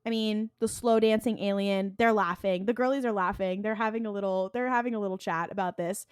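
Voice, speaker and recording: A woman's voice: mid-range voice, a little fast, smooth, no room sound. Woman, young adult, podcast co-host, casual recap, acts out quotes, dry close sound. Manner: animated retelling, voices characters, laughs often.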